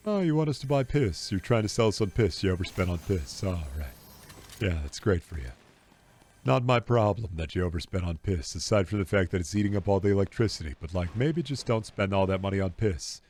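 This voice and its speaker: A man's voice: low-pitched, animated, brisk, a little mellow. A man streaming a game, chatting casually in a sarcastic, repetitive rant.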